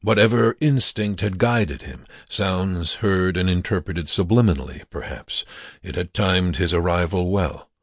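A man reads a dark tale aloud in a grave, measured way. His voice is very low and unhurried, slightly husky, and sounds close and dry. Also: no room sound. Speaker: narrator. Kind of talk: audiobook narration.

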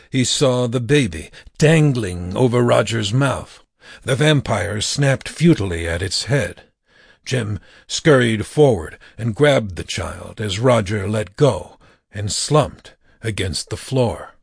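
A man narrating an audiobook in a slow, measured reading. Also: on the low side, dry recording, studio quality. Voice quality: gravelly, husky.

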